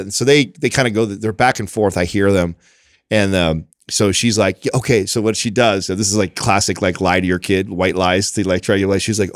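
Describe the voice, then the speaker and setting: A man's voice: lowish voice, a little fast, no echo, studio quality. A man in his thirties in casual chat, telling a story and laughing often.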